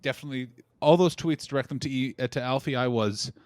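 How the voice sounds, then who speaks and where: A man co-hosting a comedy podcast, telling rambling, animated stories full of swearing and quoted voices. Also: mid-range voice, fast talker, dry recording. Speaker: podcast co-host. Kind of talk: casual comedic chat.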